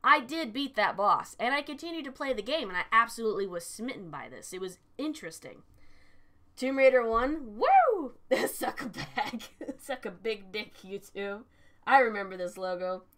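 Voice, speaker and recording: A woman's voice: medium pitch, animated, moderate pace, fairly bright tone. A young adult woman chatting casually on a live stream, telling stories animatedly, swearing freely and answering chat.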